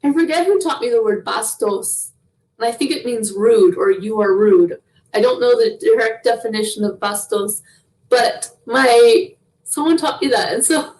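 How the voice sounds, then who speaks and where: A young woman chats easily as an interview guest. Her voice sits a little high, and she laughs often between phrases as she tells her stories. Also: big pitch swings, slow pace, long pauses, far from the mic, low-quality recording. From Canada. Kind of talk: casual interview chat.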